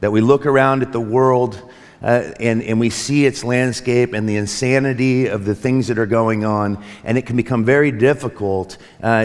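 A man's voice: medium pitch, fairly even intonation, normal speed, long reverb tail. A man preaching a sermon as pastor to his church, earnest and reflective, with frequent restarts and light joking. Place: church sanctuary.

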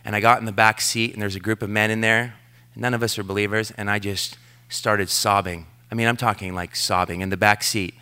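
A man's voice: lowish voice, little pitch movement, brisk, pushed and bright, clean tone. A middle-aged man preaching a sermon, earnest and telling stories about himself with self-deprecating asides. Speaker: pastor.

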